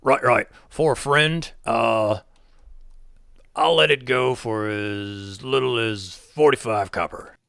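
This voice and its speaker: A man's voice: mid-range voice, slow pace, gravelly, fairly bright tone, clean tone, no room sound, studio quality. A man voicing a shifty male goblin junk peddler who hawks his wares with wheedling patter. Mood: hawking.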